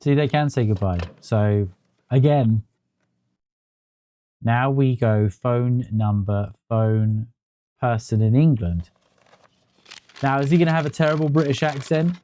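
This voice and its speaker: A man's voice: medium pitch, a little slow, pauses often, warm tone. A man streaming a game, casually commenting with sarcastic jokes and swearing.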